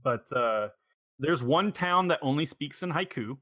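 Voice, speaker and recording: A man's voice: a little high, lively intonation, measured pace, sharp tone, no echo. A man hosting a podcast in a casual chat, rambling and thinking aloud as he goes. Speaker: podcast host.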